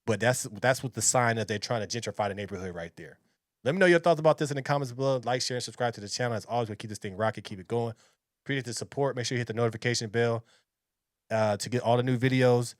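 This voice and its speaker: A man's voice: mid-range voice, quick pace, dry recording, clean studio sound. A man hosting his own reaction channel, giving blunt, opinionated commentary and often repeating himself. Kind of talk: casual commentary.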